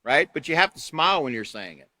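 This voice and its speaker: Male trainer, slightly high, ringing voice, dry close sound, reads the manual aloud and adds plain examples. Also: fast talker, no room sound. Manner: reads from a manual, then explains with lively examples. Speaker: teacher trainer. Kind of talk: live online training lesson.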